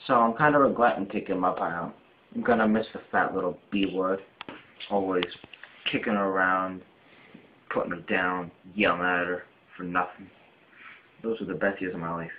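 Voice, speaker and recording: A bossy, self-pitying man blusters through a homemade comedy skit. His voice sits low, and the recording is tinny and phone-like. It has the boomy echo of a bare room. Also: fairly even intonation, normal speed, a little hiss or hum. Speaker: comedy show host playing the boss. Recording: dull tinny phone-like audio in an echoey room.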